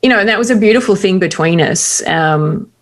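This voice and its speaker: A middle-aged Australian woman telling personal stories candidly in casual conversation, with quick asides. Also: medium pitch, lively intonation. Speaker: guest.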